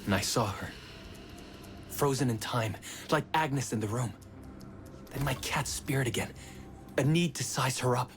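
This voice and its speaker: A man's voice: mid-range voice, unhurried, pauses often, a little hiss or hum, close to an everyday voice. Man voicing a bewildered cat-spirit narrator. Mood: reflective. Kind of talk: game character inner narration. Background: game music.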